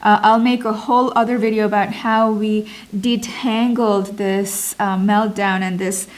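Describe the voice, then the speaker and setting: A woman, a mother, telling a personal story in an earnest, expressive vlog, stretching words for emphasis. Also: mid-range voice, a little slow. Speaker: mom vlogger.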